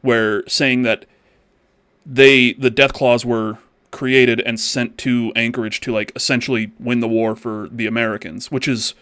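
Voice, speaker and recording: A man's voice: mid-range voice, little pitch movement, unhurried, a bit bright, clear, resonant tone. Swearing man hosting a podcast. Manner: swears casually, trails off and restarts. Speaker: podcast host. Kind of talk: casual chat.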